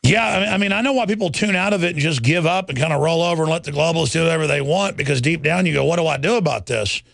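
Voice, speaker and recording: A man's voice: on the high side, rapid-fire, gravelly, a bit bright, no room sound. A man hosting a radio talk show, ranting intensely about the government and taking calls.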